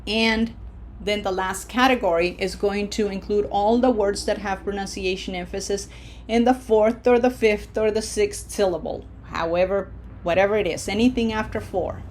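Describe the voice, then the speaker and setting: A woman's voice: mid-range voice, fairly even intonation, a little hiss or hum. Patient woman teaching a recorded lesson. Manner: patient, explains step by step, asks "okay?" often; says the example words slowly and loudly. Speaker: Spanish teacher.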